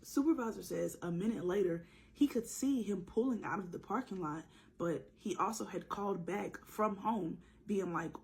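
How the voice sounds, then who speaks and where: Chatty woman telling a storytime, slightly hoarse. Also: mid-range voice, fairly quick, hardly any pauses, darkish tone, rough recording. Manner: chatty, joking asides, slangy, acts out the people in the story. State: sore throat, slightly hoarse. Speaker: storytime narrator. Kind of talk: casual storytime narration.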